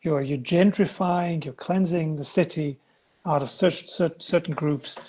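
A man's voice: fairly high pitch, a little slow, darkish tone, a little hiss or hum. A man giving a guest lecture on a video call, answering student questions in a hesitant way, with many restarts and fillers.

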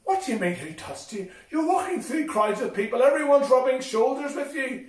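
A man's voice: extremely high pitch, animated, brisk, voice pushed up. A man voicing puzzled disciples in a Bible story, questioning their teacher in disbelief. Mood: incredulous. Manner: incredulous. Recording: echoey hall from far off.

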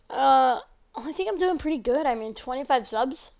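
High-voiced excitable woman gaming commentator. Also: normal speed, highs cut off. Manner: excitable, chatty, breaks into shouts and apologies. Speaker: gaming channel host. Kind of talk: casual gameplay commentary.

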